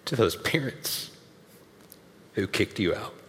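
A man's voice: lowish voice, big pitch swings, slow pace, a bit bright. A man preaching a sermon in a conversational, emphatic way with casual asides, speaking to a church audience. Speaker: pastor. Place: large church hall with audience. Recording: long hall reverb.

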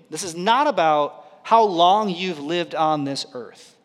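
A male pastor preaching a sermon in an earnest, conversational way, his loudness rising and falling sharply. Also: high-pitched. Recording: long reverb of a large hall.

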